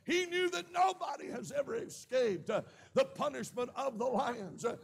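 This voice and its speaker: A man with a Southern American accent preaching a sermon in a church, with shouted peaks and frequent amens. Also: very high voice, big pitch swings, moderate pace, vocal fry. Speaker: pastor. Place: church sanctuary.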